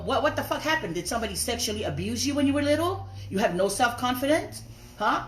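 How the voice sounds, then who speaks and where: Here is an angry woman in a roomy, echoing space, scolding and cursing at someone straight into her phone. She talks at an ordinary middle pitch. She mixes Tongan phrases into her English. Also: slight background noise. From raised outside Tonga. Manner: profane, confrontational, scolding. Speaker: social media livestreamer. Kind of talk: angry livestream rant. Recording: roomy echo.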